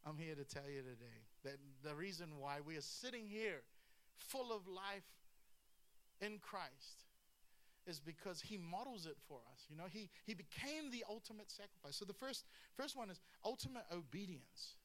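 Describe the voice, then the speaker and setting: A man preaching a lively sermon with humor and asides. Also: sits high, moderate pace. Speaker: pastor.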